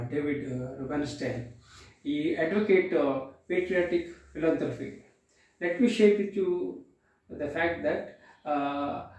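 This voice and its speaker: Guy vlogging, kinda high voice, keeps pausing and saying uh, sounds far from the mic in a big echoey room. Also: a little mellow. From India. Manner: halting, many pauses and filler sounds; repeats words when restarting. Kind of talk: motivational talk to camera.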